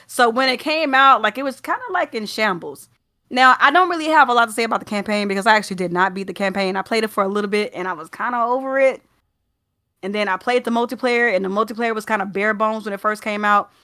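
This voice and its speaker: A woman's voice: medium pitch, fast talker, bright, forceful tone, no echo, studio quality. A young woman with a Southern US accent, co-hosting a gaming podcast in casual, rambling chat full of fillers and restarts. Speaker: podcast co-host.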